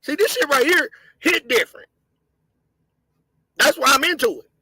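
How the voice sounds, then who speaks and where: High-pitched man in heated commentary. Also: lively intonation, normal speed, no echo, rough recording. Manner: impassioned, shouting, profane, addresses viewers as gang. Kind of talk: heated commentary on video footage.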